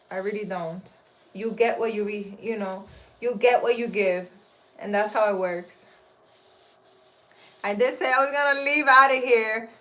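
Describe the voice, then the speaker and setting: A woman's voice: mid-range voice, a bit bright. A woman in her thirties talking earnestly and emphatically to her live-stream viewers about relationships and faith, outdoors in a park. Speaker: live-stream host and spiritual advisor. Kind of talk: casual spiritual advice talk on a live stream.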